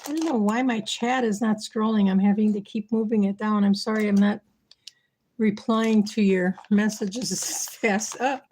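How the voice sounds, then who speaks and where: Her voice growing tired and starting to go, a livestream host chats and thinks aloud as she works in a casual kitchen stream. She speaks at a moderate pace with a medium-pitched, slightly mellow voice and fairly even intonation.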